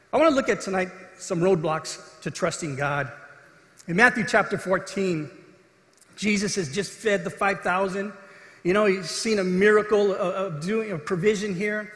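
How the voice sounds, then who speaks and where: A man's voice: high-pitched, moderate pace, fairly bright tone. A man preaching a sermon as pastor, earnest, acting out the voices in the scripture story. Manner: earnest preaching, acts out quoted voices with rising intensity. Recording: echoey hall.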